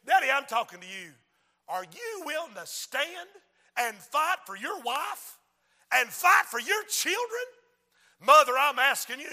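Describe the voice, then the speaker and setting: A man preaching a revival sermon and praying at the altar call, his voice high and piercingly bright. He swings from fervent shouts down to sudden hushed appeals. Faint music plays beneath him.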